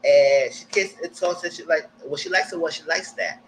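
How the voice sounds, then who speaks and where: A man giving a blunt, slangy live recap of a TV show, jumping up high in pitch when he quotes people. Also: normal speed, a little hiss or hum, rough recording. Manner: animated, jumps high when quoting people. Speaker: TV recap streamer. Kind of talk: live casual TV recap commentary.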